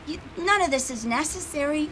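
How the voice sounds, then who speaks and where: A woman's voice: high voice, lively intonation, fairly quick, fairly bright tone, slight background noise, rough recording. A woman playing a tabletop game, speaking in character in a pleading, rambling way. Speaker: player.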